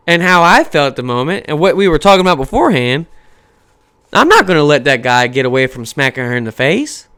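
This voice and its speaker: Guy in his 30s swearing through a podcast rant, smooth clear voice, pitchy. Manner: profane, animated, rhetorical questions. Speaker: podcast host. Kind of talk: casual rant.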